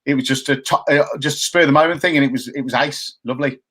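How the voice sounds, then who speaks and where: A man's voice: medium pitch, fast, bright, forceful tone, slightly rough. A man in his fifties co-hosting a casual live chat show, chatty and jokey as he reads out viewer comments. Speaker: co-host.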